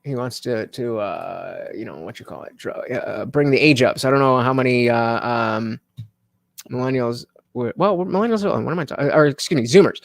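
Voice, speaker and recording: A man's voice: medium pitch, normal speed, vocal fry, no room sound. A man hosting a casual political livestream, thinking aloud with many fillers and restarts as he reads chat comments. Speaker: livestream host.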